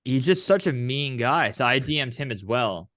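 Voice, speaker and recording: A man's voice: medium pitch, moderate pace, dry recording, studio quality. A young man co-hosting a casual chat, telling stories with animation and acting out the back-and-forth he describes. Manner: animated storyteller, acts out quoted exchanges; casual, swears freely. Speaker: co-host.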